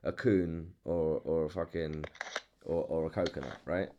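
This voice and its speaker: Deep-voiced London man chatting casually. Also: steady tone, moderate pace, warm tone, lo-fi sound. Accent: London English. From England. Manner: repeats words and restarts, swears freely. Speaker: podcast host. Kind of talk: casual chat.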